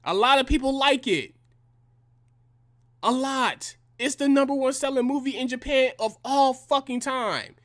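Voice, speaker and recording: A man's voice: extremely high pitch, measured pace, a bit bright. Profane, combative man ranting. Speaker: reaction commentator. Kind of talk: heated reaction rant.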